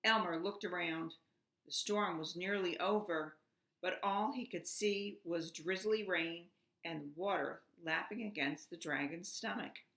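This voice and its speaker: Teacher lady reading a kids' story really slowly, bright voice, echoey room. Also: lowish voice, gravelly. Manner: slow and expressive. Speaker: preschool teacher. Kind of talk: reading a storybook aloud to children.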